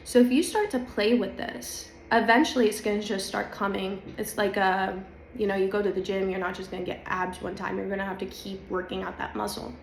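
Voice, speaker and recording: Woman, casual confiding spiritual vlog, mid pitch, roomy echo with faint background hum. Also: steady tone, brisk, gravelly, few pauses. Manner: chatty, confiding, emphatic. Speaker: spiritual vlogger. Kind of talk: casual spiritual talk to camera. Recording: echoey room with faint ambience.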